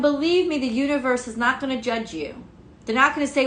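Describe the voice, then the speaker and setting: A woman's voice: sits high, fast talker, fairly bright tone, roomy sound. A woman giving a casual tarot reading, frank and emphatic, swearing freely. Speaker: tarot reader.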